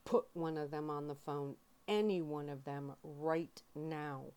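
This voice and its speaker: A worried, stubborn father pleads with his daughter, as a woman voices him in her own reading voice. The delivery is low and slow, in a soft-spoken ASMR book reading. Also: steady tone, clear, resonant tone. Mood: insistent. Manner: pleading then insistent.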